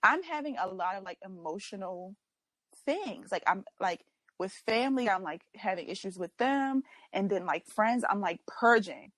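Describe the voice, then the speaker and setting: A young woman co-hosting a podcast in casual chat, telling stories with lively quoted voices. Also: medium pitch, normal speed, no room sound. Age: young adult. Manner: animated storyteller, acts out her own quotes. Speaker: podcast co-host.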